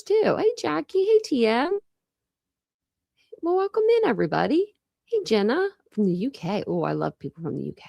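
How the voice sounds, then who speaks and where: A woman's voice: high-pitched, vocal fry, a little mellow, no room sound, clean studio sound. A woman hosting a true crime livestream, chatting casually and greeting viewers by name with lots of fillers. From Ohio, United States.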